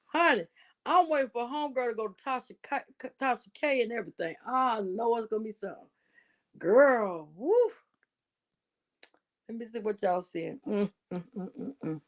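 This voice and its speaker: A woman hosting a casual gossip livestream, animated and laughing often, with drawling asides to her viewers. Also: fairly high pitch, normal speed. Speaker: livestream host.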